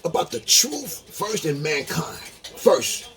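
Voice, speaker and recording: A man's voice: very animated, slow pace, a bit bright. Man ranting heatedly, voice leaping around. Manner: heated, swearing, swings from low mutter to high-pitched outbursts. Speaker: vlogger. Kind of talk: profane ranting monologue. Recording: noisy, running water tap behind.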